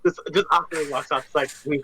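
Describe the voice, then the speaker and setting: A man's voice: medium pitch, lively intonation, normal speed, crowd noise, low-quality recording. A man playing in a tabletop role-playing game, talking hesitantly with many ums. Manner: hesitant, lots of ums and kindas. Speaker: player. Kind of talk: casual tabletop role-play.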